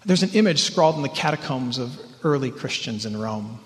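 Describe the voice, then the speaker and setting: A man preaching a sermon as pastor, earnest and emphatic, sometimes rising in pitch and sometimes dropping to a hush. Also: lively intonation, a little fast. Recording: church hall reverb.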